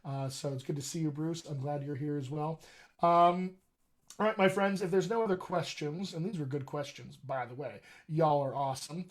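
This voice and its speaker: A man's voice: on the high side, fairly even intonation, moderate pace. A middle-aged man coaching actors on accents in a live question-and-answer session, chatty and enthusiastic. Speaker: dialect coach.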